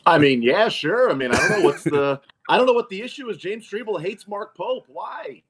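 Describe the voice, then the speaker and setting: A man's voice: high voice, lively intonation, moderate pace, fairly bright tone. A man appearing as a guest on a sports talk show, teasing the host with mock-serious questions.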